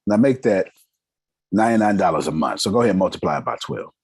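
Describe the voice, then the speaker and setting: Brief: raspy male business mentor, emphatic and slangy, husky, dry close sound. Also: sits low, very animated, quick pace, darkish tone, no echo. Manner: emphatic, rhetorical questions, casual slang. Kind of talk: motivational teaching.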